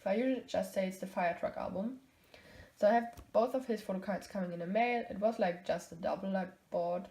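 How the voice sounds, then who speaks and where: A woman's voice: medium pitch, dark tone. A young woman vlogger chatting casually about her collection, rambling and hesitant with many ums and self-corrections. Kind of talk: casual chat.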